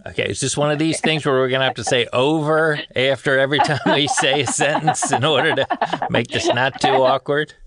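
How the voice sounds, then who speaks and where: A man's voice: mid-range voice, animated, a little fast, hardly any pauses, fairly bright tone. A man co-hosting a comedy podcast from a studio, asking dry, teasing questions. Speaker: co-host. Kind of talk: deadpan comedy podcast banter. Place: studio in Burbank, California.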